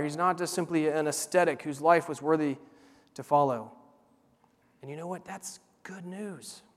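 A man delivering a sermon in an earnest, emphatic way, leaning on slow repeated words. His voice sits a little high for a man. It rings with a long reverb, as in a large hall. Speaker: pastor.

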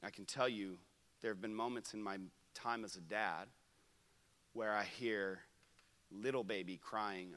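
A young man preaching a sermon at a camp, telling stories that swing from loud to hushed. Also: lowish voice, steady tone, a little slow, pauses often, long reverb tail. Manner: storytelling, shifts from loud to hushed. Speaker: pastor. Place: camp meeting room.

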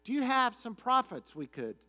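A pastor doing a devout, eager-to-please king who asks his questions politely and a little hesitantly. The voice rises high and lively. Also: normal speed, soft background music, full character voice.

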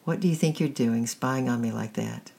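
A woman's voice: a bass voice, normal speed, dark tone. A woman reading a storybook aloud, voicing a weary, blunt middle-aged male thief who is kind underneath. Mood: accusing. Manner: blunt, rough, hesitant.

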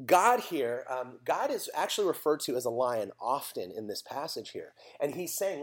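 A man's voice: medium pitch, big pitch swings, moderate pace, few pauses. A man preaching a casual sermon, chatty and joking, asking his listeners questions.

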